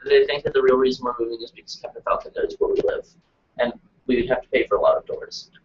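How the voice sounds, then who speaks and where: A man's voice: mid-range voice, steady tone, fast talker, muffled recording. A man co-hosting a casual live-stream chat from a hot room at home, easygoing and hesitant, with many ums.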